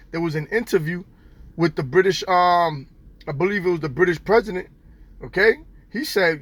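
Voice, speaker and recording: A man's voice: on the high side, moderate pace, fairly bright tone. A man teaching from the Bible in a casual street style, tagging nearly every line with "okay?" and "all right?", slangy and profane.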